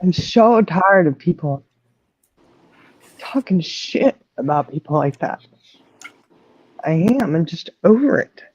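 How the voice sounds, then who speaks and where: A man's voice: a little high, lively intonation, slow pace, long pauses, husky. A man hosting a casual livestream chat, angry and profane, holding back tears. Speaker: livestream host. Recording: dull lo-fi mic.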